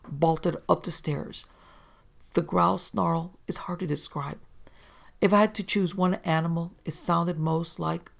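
Gravelly, even-paced story narrator. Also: mid-range voice. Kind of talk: scripted narration of first-person paranormal accounts.

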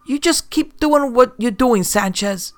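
A man's voice: very high-pitched, animated, a little slow, no room sound, voice pushed up. A man voicing a menacing, profane male drug dealer in an audiobook story. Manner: profane, threatening.

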